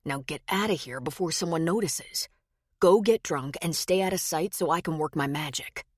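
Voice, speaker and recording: A woman voicing a smooth adult male con man who is charming, slick and teasing, then menacing. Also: low voice, normal speed, no echo, studio quality. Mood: sly.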